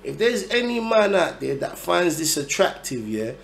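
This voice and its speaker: A man's voice: high-pitched, very animated, normal speed, creaky, fairly bright tone, a little hiss or hum. A man giving blunt, profane, exasperated reaction commentary on a video.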